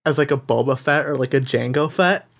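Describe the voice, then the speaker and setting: A man in casual conversation, answering briefly in a relaxed way. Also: mid-range voice, brisk, vocal fry. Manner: laid-back, brief replies.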